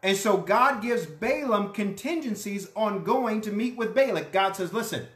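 A pastor preaching a sermon, telling a story in an animated way and acting out the characters' lines. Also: mid-range voice, normal speed, reverberant. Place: church.

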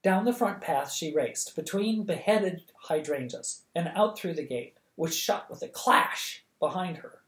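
A reader narrating a novel for bedtime at a steady, lively pace. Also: mid-range voice, a little slow, few pauses. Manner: steady, lively, acts out the dialogue. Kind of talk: audiobook reading of a novel. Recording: echoey room.

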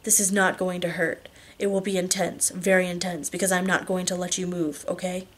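A woman voicing an intense, commanding young husband in a low, hushed murmur while reading a romance novel aloud. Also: little pitch movement, brisk, husky.

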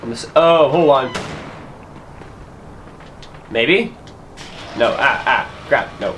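Lively, swearing young man playing a game. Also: mid-range voice, drawn-out words, slight background noise. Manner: frustrated, swears a lot, mutters to himself. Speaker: gaming commentator. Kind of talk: casual let's-play commentary.

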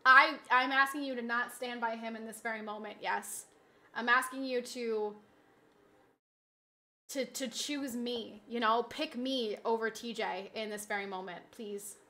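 A woman game streamer chats casually with her viewers, teasing and joking as she reacts to the match. Her voice sits high and sounds bright and sharp, with a playful edge. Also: fairly even intonation. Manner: playful, joking banter with chat, quick reactions to gameplay. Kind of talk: casual live-stream gaming chat.

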